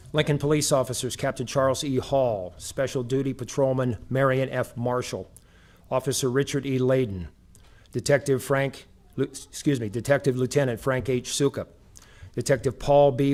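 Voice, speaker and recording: Male emcee, mid-range voice, formal and measured ceremony address. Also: mid-range voice, darkish tone. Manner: measured, solemn, reading out names. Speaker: master of ceremonies.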